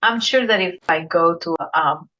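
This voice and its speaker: This podcast host is a Colombian woman whose Spanish-accented voice sits on the low side, bright and forceful at a moderate pace. Chatting casually in an interview, she shares earnest anecdotes and frequently repeats words while searching for them. The recording is dull and lo-fi.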